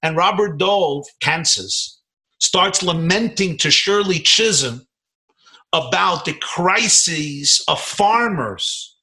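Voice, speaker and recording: A man from Brooklyn, a rabbi, telling a story in an animated, emphatic lecture over a video call. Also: high voice, slow, poor audio. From Brooklyn, New York, US. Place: home in a suburban area, on a video call. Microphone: video call computer mic.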